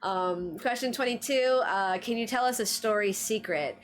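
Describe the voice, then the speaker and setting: A woman streamer reviews anime trivia on a livestream, chatting casually with lots of fillers and frequent laughs. Her voice is medium-pitched at a moderate pace.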